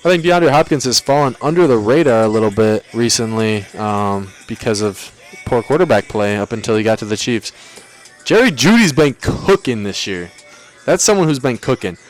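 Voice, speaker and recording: A man's voice: mid-range voice, expressive, moderate pace, soft background music. A young man hosting a livestream, ranking players in casual, slangy banter and talking back to his chat. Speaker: livestream host.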